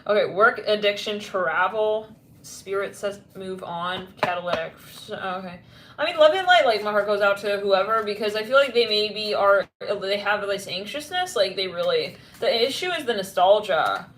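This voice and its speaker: A woman's voice: medium pitch, lively intonation, moderate pace, fairly bright tone, reverberant, a little hiss or hum. A woman giving a casual tarot reading, rambling and blunt with lots of fillers. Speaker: tarot reader.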